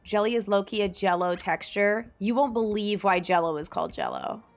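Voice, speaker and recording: A woman's voice: mid-range voice, sing-song, moderate pace, soft background music. A young woman streamer in casual live-stream chat, musing aloud and reading search results. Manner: chatty and musing, reads search results aloud with frequent laughs.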